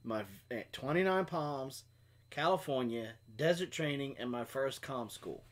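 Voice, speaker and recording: A middle-aged man co-hosting a casual live stream, rambling through stories with frequent restarts. His pitch swings widely as he talks. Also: expressive, a little slow. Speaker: co-host of a homestead live stream. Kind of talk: casual chat.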